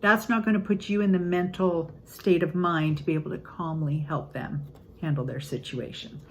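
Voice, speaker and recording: An older woman, a grandmother, giving an earnest, upbeat casual talk on parenting, acting out quotes in lively voices. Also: fairly low pitch, normal speed, poor audio. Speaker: parenting channel host.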